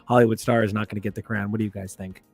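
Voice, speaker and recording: A man hosting a podcast in casual chat, telling long, animated stories with lots of fillers. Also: fairly low pitch, rapid-fire, gravelly, breathy edge, dry recording, soft background music. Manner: rambling, animated storyteller. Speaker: podcast host.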